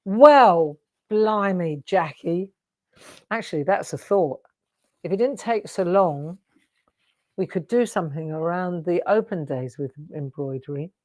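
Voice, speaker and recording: A woman's voice: fairly low pitch, lively intonation, unhurried, darkish tone, dry recording. A woman in her sixties hosting a craft show, chatty and effusive, gushing over viewers' artwork with storytelling asides. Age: 60s.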